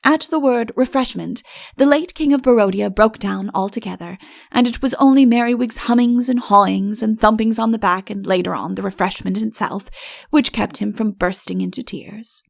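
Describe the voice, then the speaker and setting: A woman narrating an audiobook fairy tale in a wry, lively storytelling manner. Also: on the high side, normal speed, gravelly.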